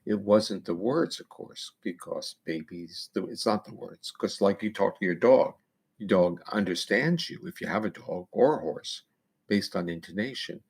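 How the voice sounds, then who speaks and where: A man's voice: fairly low pitch, normal speed, breathy edge. A man guest on an interview, giving long explanations of research in a lecturing way with casual fillers. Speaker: neuroscientist guest.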